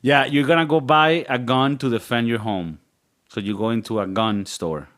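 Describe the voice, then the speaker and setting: Joking podcast host with an accent. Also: male voice, mid-range voice, normal speed, a bit bright. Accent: Spanish-influenced English. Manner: crude, joking, laughs often. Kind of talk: casual comedic podcast chat.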